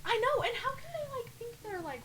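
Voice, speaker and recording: Bright rambling woman podcast co-host. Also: very high-pitched, sing-song, a little fast, a little hiss or hum. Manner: rambling, lots of "like", self-deprecating. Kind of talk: casual chat.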